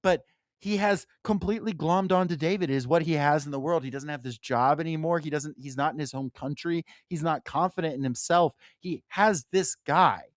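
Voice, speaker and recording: Speaking at a normal speed in a slightly high voice, this young podcast co-host discusses a novel casually, swearing freely and leaning on lots of fillers. His audio is dry and studio-clean.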